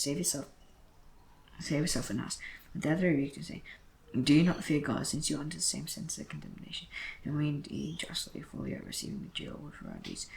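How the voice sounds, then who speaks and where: Man reading scripture aloud, quick, lively pitch, gravelly tone, self-corrects often. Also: rough recording. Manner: brisk reading with frequent slips and self-corrections. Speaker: Bible reader.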